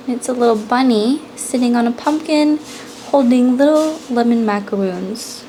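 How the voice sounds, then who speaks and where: A woman's voice: sits high, darkish tone, slight background noise. Giggly bubbly woman reading tarot. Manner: giggly and bubbly, often laughing. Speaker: tarot reader. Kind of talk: casual pick-a-card tarot reading.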